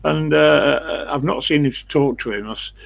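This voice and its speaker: A man's voice: a little high, normal speed, gravelly, low-quality recording. An older man chatting casually and bluntly with livestream viewers, rambling through anecdotes. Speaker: livestream host.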